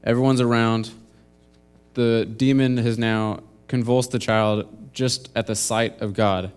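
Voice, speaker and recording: A man's voice: mid-range voice, fairly even intonation, takes it slowly, clean tone. A young man preaching a sermon, reading scripture aloud and earnestly explaining the verses one step at a time. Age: young adult. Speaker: intern preacher. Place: church.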